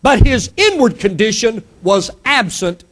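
A man's voice: sing-song, a little slow, fairly bright tone. A man preaching a sermon, emphatic, lifting and dropping his voice for effect. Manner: emphatic preaching, rising and falling pitch for effect.

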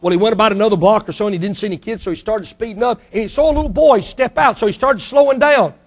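Male preacher, sermon with a story, high voice, emphatic repetition, quiet dramatic drops. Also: fast talker.

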